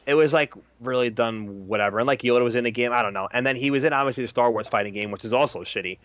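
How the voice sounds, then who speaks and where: A young man talks as a guest in a relaxed chat, getting worked up with slang and casual swearing. His voice sits at an ordinary middle pitch. The recording is dry and close, with no room sound. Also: racing, dry recording, highs cut off. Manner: excitable, slangy, swears freely.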